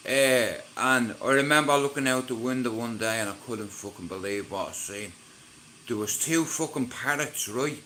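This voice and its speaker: Irish man, live streaming on his phone at home, bright and sharp-toned voice, crude and sarcastic storyteller who does all the voices. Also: mid-range voice, a little slow, slight background noise. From Ireland. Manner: animated, profane, sarcastic storyteller acting out both sides. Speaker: livestream host.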